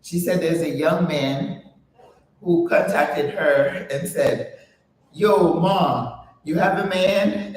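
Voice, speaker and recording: Older woman host, slow-talking, chatty and laughing while she works out, recorded from a distance in an echoey space. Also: low voice, darkish tone. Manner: chatty, laughs often, breathy exertion sounds. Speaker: channel host. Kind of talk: casual vlog while exercising.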